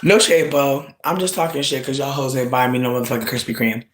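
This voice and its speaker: A man's voice: medium pitch, quick pace. A young man who is sick, hosting a casual livestream chat in a sassy, joking, slang-heavy way. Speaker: livestream host.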